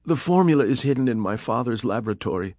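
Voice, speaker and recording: A man's voice: mid-range voice, expressive, quick pace, a little mellow, no room sound, studio quality, voice pushed up, lightly acted. A man reading an audiobook, voicing a frightened young woman who speaks in a gasping, strained voice. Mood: desperate.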